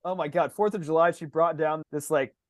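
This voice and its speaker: A man telling a story in casual chat as a podcast co-host, animated and swearing freely. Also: fairly high pitch, fairly quick, no room sound, studio quality.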